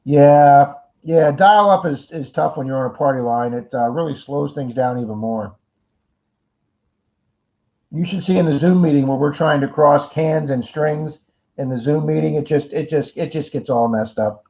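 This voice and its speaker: A middle-aged man hosts a casual livestream chat with a fairly high voice for a man. He greets viewers by name and wanders through jokey, rambling asides. The stream audio sounds dull and lo-fi. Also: moderate pace, warm tone. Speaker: livestream host.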